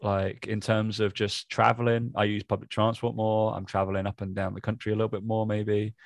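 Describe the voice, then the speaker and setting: A low-voiced man with a gravelly edge, chatting casually and teasing his co-host. He rambles with plenty of fillers, and the sound is close and dry with no room echo. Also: level tone, a little fast. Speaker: podcast co-host. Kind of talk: casual chat.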